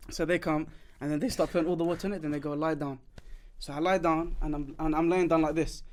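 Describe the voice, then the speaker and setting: High-voiced man telling a story animatedly. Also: quick pace, slight background noise. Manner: animated, acts out dialogue of others; slangy, laughs through lines. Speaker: podcast host. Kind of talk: casual storytelling chat.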